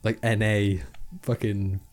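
A man's voice: fairly low pitch, little pitch movement, slow pace, a little mellow. A young man, co-hosting a podcast in casual chat, rambling and swearing freely as he mimics people. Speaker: podcast co-host.

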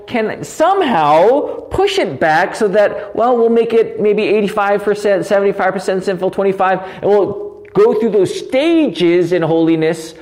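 A man with a fairly high voice preaches a catechism lesson with real passion. He swings from loud, emphatic declarations down to quiet asides, talking to a recording rather than a crowd. The delivery is earnest and insistent throughout. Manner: passionate, rising to near yelling, then dropping to quiet asides. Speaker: pastor teaching catechism. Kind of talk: recorded live Bible study sermon. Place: alone, recorded live without audience.

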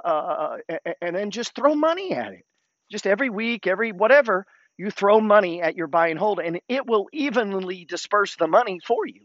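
A man's voice: sits high, a bit bright, dry recording, dull audio. A man hosting a casual investing talk, blunt and coach-like, swearing freely as he urges listeners on. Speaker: host.

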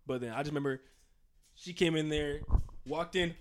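With a little hiss or hum behind him, a young man with a fairly high voice and moderate pace tells a story casually. He swears freely, uses slang, and animatedly performs scenes with sound effects and quoted voices.

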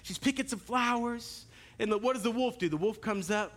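A man pastor preaching a sermon in an animated, storytelling way, talking directly to the congregation. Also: very high-pitched, normal speed.

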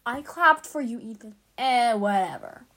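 A woman talks through a video game in a loose, chatty way. Her voice sits high and moves around a lot. She reads dialogue aloud and reacts quickly. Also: lively intonation, fairly bright tone. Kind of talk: gameplay commentary.

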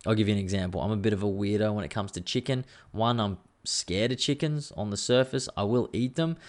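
Chatty, swearing podcast host. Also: male voice, lowish voice, brisk. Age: 30s. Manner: chatty, swears freely, rambling asides. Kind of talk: casual solo podcast monologue.

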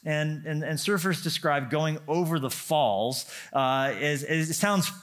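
A man's voice: fairly high pitch, measured pace, fairly bright tone. A man from the western United States preaching, reading scripture and praying, then telling stories with self-deprecating humor. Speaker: pastor. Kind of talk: sermon with scripture reading and prayer.

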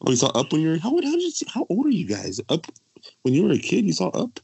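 A man chatting on a casual podcast, throwing in quick joking remarks. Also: on the high side, huge pitch swings, creaky, a little mellow, a little hiss or hum.

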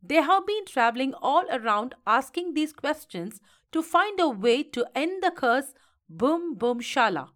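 Female storybook narrator, unhurried, animated delivery. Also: high-pitched. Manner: slow, expressive reading. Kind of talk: storybook reading.

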